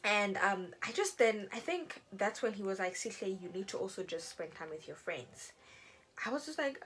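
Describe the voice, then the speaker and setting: A woman's voice: mid-range voice, normal speed, poor audio. Chatty young woman telling a story. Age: young adult. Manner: chatty, animated, acts out quoted people. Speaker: beauty vlogger. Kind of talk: casual storytelling while doing makeup.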